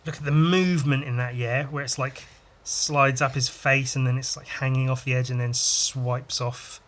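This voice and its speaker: A man's voice: medium pitch, steady tone, moderate pace, fairly bright tone. Crude, rambling male podcaster. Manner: crude, rambling, self-mocking jokes. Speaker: podcast host and illustrator. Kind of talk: casual drawing-podcast monologue.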